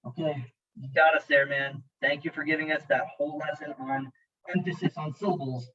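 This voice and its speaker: A wisecracking male student cuts in on the lecture with mock impatience, teasing the teacher to hurry up, as the narrator puts him on. The voice sits a bit high, and the audio is dull and lo-fi. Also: steady tone, a little fast, bright, forceful tone.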